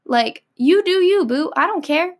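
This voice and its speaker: A woman's voice: very high voice, animated, a little slow. An American woman ranting casually to camera, packing her talk with "like" and blunt, sassy swearing. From United States. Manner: filler-heavy, frequent "like". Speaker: vlogger.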